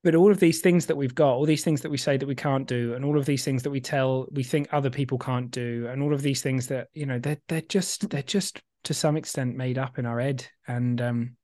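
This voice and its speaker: Male podcast co-host, mid-pitched, lively and emphatic, dry close sound. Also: fairly quick, few pauses, dry recording. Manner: animated, emphatic, casually swearing. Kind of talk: casual explanatory chat.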